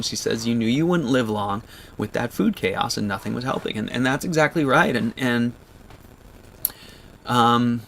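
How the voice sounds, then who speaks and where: A man in his thirties talking to viewers on a livestream, choked up and halting, with many restarts. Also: medium pitch, expressive, gravelly, fairly bright tone, a little hiss or hum. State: choked up, near tears. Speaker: vlogger on a livestream. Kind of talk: emotional livestream chat.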